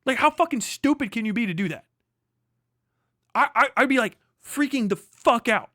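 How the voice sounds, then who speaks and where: Angry streamer, male, high and bright voice, profane sarcastic rant, dry close sound. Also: expressive, moderate pace, no room sound. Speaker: streamer reacting to an article. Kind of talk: ranting live commentary.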